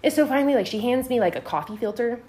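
Animated young woman telling a wild story. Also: on the high side, rapid-fire. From Texas. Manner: animated, profane, acts out voices in quotes. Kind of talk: casual storytelling.

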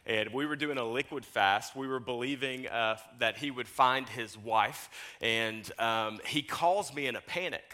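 Young male pastor, bright tone, animated sermon storyteller, preaching in a church. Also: medium pitch, a little slow. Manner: animated storytelling, laughs at own jokes. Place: church sanctuary.

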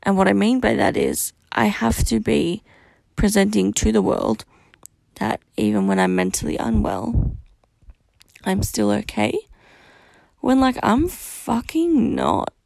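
A woman's voice: medium pitch, big pitch swings, slow pace, creaky, a little mellow, dry recording. A young woman hosting a solo podcast, talking candidly and rawly about her feelings, venting and swearing often. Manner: raw, venting, frequent swearing. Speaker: podcast host.

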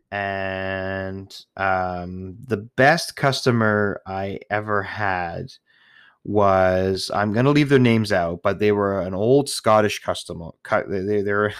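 A man's voice: low voice, slow, clear, resonant tone, dry recording, studio quality. A man talking to his listeners in a casual, rambling monologue. He swears a lot, talks nonstop and restarts his sentences often. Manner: profane, chatty, restarts often. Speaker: retail worker talking to listeners.

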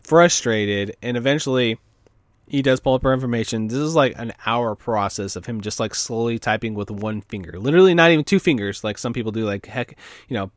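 A man's voice: mid-range voice, a little fast, no echo. Man, vlogger, rambling storyteller with a dry close sound. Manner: rambling, filler-heavy, profane. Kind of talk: casual storytelling.

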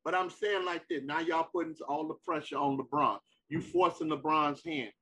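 A man's voice: on the high side, fairly even intonation, normal speed, bright, forceful tone, slightly rough, rough recording. A man co-hosting a casual sports talk debate, emphatic and repeating himself to hold the floor.

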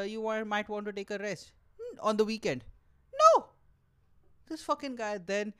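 Animated, profane podcast host. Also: male voice, on the high side, clean tone. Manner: animated and profane, with self-mocking jokes. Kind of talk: solo comedic podcast monologue. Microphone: camera mic.

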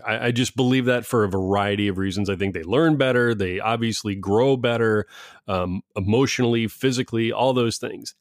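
A man's voice: fairly low pitch, brisk, dry recording, clean studio sound. A middle-aged man and father talking casually, rambling with frequent restarts and laughs. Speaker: parent discussing schooling. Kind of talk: casual conversation.

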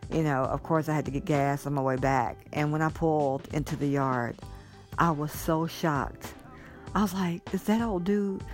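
A woman with a notably low, deep voice talks straight to her viewers in an effusive, rambling way. She sounds teary with joy as she pours out her thanks, and faint music plays underneath. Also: darkish tone. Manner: effusive, grateful, rambling storytelling. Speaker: vlogger. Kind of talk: casual vlog monologue.

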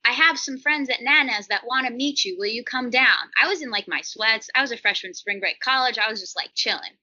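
A woman's voice: fairly high pitch, bright, forceful tone, lo-fi sound. A woman in her thirties, a podcast interview guest, telling stories in a rambling, chatty way with many "like" fillers.

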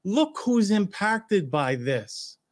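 Emphatic New York man, higher voice. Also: very animated, slow pace. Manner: emphatic, opinionated. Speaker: podcast co-host, retired police officer. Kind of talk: casual talk show chat.

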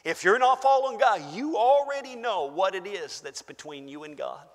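A man preaching a sermon to his congregation, emphatic, rising to shouts and dropping to hushed asides, calling out to the room. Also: sits high, lively intonation, moderate pace. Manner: calls out to the congregation. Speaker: pastor. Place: church. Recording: long church-hall reverb.

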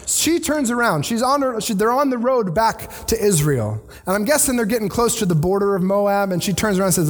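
A man preaching a sermon in a casual, conversational way, with animated paraphrases of the text he reads. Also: high voice, a little fast, hardly any pauses, big-room sound. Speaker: pastor.

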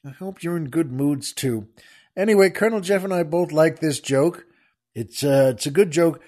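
A man's voice: a little high, moderate pace, darkish tone. A man hosting a podcast, casually telling a joke and chuckling as he rambles along with many fillers. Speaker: podcast host.

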